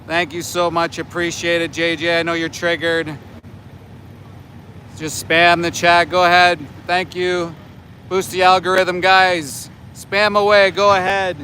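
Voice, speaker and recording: A man's voice: high voice, flat delivery, measured pace, bright, forceful tone, a little hiss or hum. A man in his forties livestreaming outdoors as an activist, talking back to his chat with scolding sarcasm. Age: 40s. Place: outdoors near a slaughterhouse by homes.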